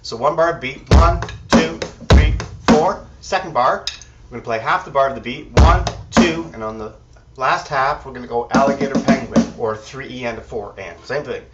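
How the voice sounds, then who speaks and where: A man teaching a drum lesson in a relaxed way, counting beats aloud and thinking out loud as he goes. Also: medium pitch, a little fast. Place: drum kit room. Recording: distant mic, dull sound, loud drums. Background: drums and music.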